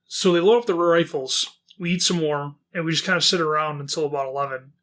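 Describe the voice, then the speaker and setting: A male horror story narrator with a bright, forceful voice pitched a little high. He mixes casual reading with rambling commentary, full of fillers and frequent swearing. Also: a little fast. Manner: chatty, rambling, heavy swearing.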